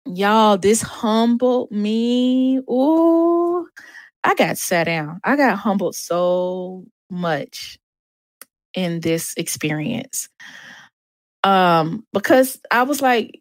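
A woman's voice: fairly high pitch, animated, a little slow, no echo. A woman hosting a show, talking candidly and emphatically about faith and dating, speaking straight to her listeners. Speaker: host.

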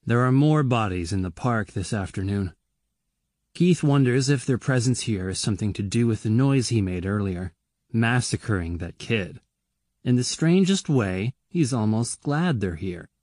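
A man narrating a horror audiobook in a measured, grim way. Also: on the low side, animated, a little mellow, no room sound, clean studio sound.

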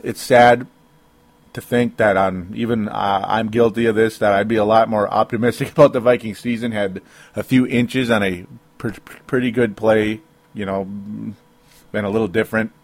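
Alone on his sports talk show, this podcast host goes on an emotional rant, wandering off track, interrupting himself, and chuckling between points. His voice sits on the low side with a steady tone and moderate pace, and there's no echo.

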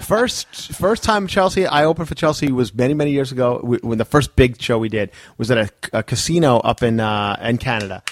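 A man's voice: medium pitch, brisk, few pauses, no room sound, clean studio sound. A man, a comedian guest, telling stories in a casual podcast chat.

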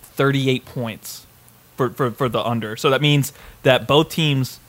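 A man's voice: mid-range voice, steady tone, measured pace, a bit bright. A man co-hosting a podcast, telling a long story in casual chat with lots of swearing and restarts. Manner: rambling, swears often, many restarts. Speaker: podcast co-host.

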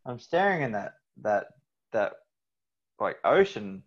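A man, hosting a podcast and telling a candid personal story in a halting way with many fillers. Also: on the low side, sing-song, breathy edge. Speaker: host. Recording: slightly dull audio.

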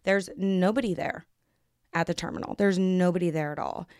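A woman's voice: lowish voice, fairly even intonation, darkish tone, smooth, no room sound, studio quality. A young adult woman from Kansas with an American accent, hosting a podcast and telling her own story in a candid, blunt way, with swearing, and acting out other people's lines. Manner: brisk, acts out others' lines. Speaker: podcast host. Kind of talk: casual storytelling monologue.

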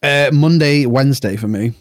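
A man's voice: medium pitch, moderate pace, no echo. Laid-back young man, dry sound. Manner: laid-back, short replies, laughs often. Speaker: podcast co-host. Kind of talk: casual chat.

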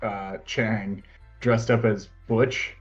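A man's voice: lowish voice, fairly even intonation, extremely slow, dull audio, soft background music. A man casually chatting about a favorite TV show, rambling and laughing often as he retells scenes. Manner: rambling, laughs often, breaks into quoted voices.

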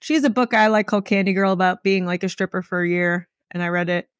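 A woman's voice: fairly low pitch, steady tone, quick pace, no room sound. Woman podcast co-host, chatty and rambling, dry close sound. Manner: chatty, lots of "like" fillers. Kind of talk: casual chat.

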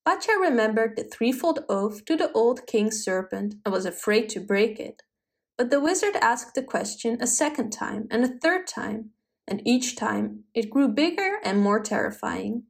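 A woman narrating a folk tale in an expressive, dramatic storybook style. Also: fairly high pitch, normal speed, vocal fry.

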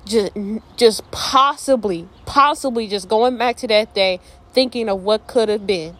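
Casual Bible study host, a woman with a slightly high voice, jokey while reading and sincere when reflecting. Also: moderate pace. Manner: playful, jokey asides while reading scripture; reflective, earnest when applying the passage.

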